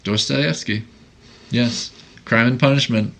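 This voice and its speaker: A man hosting a casual podcast, his voice bright and a little sharp. He jokes and teases his co-host with easy, playful banter. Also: medium pitch, takes it slowly, creaky. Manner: joking, teasing banter.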